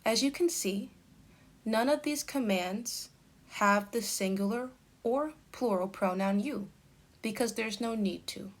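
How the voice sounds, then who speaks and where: Slow, careful woman teaching grammar. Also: fairly high pitch. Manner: slow, careful, deliberate delivery of example sentences. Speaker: English teacher. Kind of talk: slow explanatory grammar lesson.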